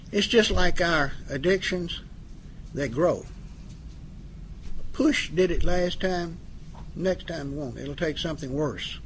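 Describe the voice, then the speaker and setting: A middle-aged man with a fairly high voice tells stories to a live audience in a folksy, joking way. He acts out both sides of a couple's arguments. A faint hiss of background noise sits under his voice. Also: animated, takes it slowly, long pauses, bright, forceful tone. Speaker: speaker on addiction recovery. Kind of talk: storytelling talk to an audience.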